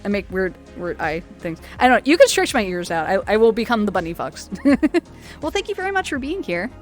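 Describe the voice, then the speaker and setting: A woman's voice: medium pitch, big pitch swings, fairly quick, soft background music. A woman hosting a charity livestream from home in a VR chat, talking casually and laughing often. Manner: giggly and chatty, laughs often. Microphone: VR headset mic.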